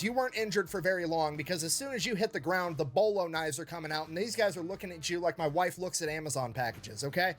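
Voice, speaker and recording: A man telling a war history story in a casual, brash way, sarcastic and full of swearing and jokes. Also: sits high. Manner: brash, sarcastic, profane and joking.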